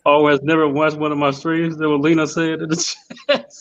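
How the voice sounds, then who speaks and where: A man's voice: on the high side, flat delivery, brisk, no echo, lo-fi sound. A man joining a livestream from a handheld phone, easygoing in casual chat, greeting the viewers. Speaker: livestream guest. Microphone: phone held in hand.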